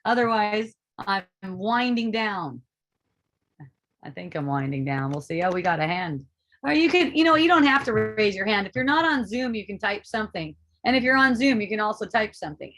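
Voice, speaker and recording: A woman's voice: mid-range voice, lively intonation, normal speed, a bit bright. A woman hosting a casual live group talk, rambling, swearing freely and breaking into laughter often. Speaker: host of a spiritual dialogue group.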